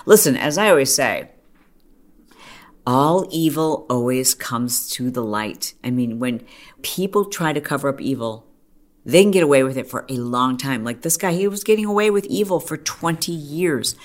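A middle-aged woman hosting a podcast, talking in a chatty, animated way full of "like" and quick asides. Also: sits low. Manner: chatty, animated storytelling with frequent "like". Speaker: podcast host. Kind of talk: casual monologue.

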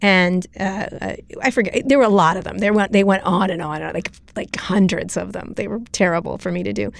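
Woman journalist guest with a gravelly voice, blunt and profane, recorded dry in an office. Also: medium pitch, no room sound. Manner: blunt, rapid-fire, swears freely. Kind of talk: casual interview talk.

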